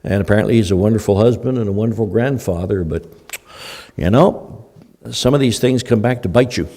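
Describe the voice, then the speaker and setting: An older male pastor preaches in a loose, conversational way, full of fillers and restarts. His voice sits low and mellow. A long hall reverb trails each phrase. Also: brisk. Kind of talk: sermon. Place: church hall.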